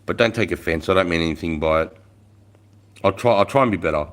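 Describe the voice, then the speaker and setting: A low-voiced Australian man in his forties hosts a casual live stream. He swaps army stories and reads out chat comments, swearing freely in an easygoing way. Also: fast. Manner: swears a lot, laid-back, reads chat aloud. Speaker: livestream host, ex-soldier.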